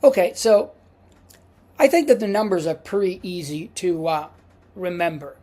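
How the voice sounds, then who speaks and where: A man with an Italian accent teaching pronunciation in a video lesson, patient and repeating each word, with frequent "uh" pauses. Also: high-pitched, expressive, warm tone. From Italy. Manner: slow, patient, repeats words for practice; frequent hesitations with uh. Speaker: language teacher.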